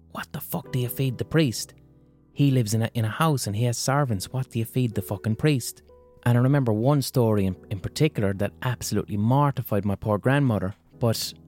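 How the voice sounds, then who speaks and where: A man's voice: mid-range voice, darkish tone. Profane, wry Irish man telling stories. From Ireland. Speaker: podcast host. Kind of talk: solo storytelling podcast.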